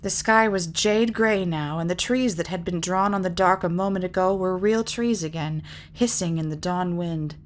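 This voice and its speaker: A woman reading a fantasy novel aloud in measured, lyrical narration. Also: fairly low pitch. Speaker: reader. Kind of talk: audiobook narration.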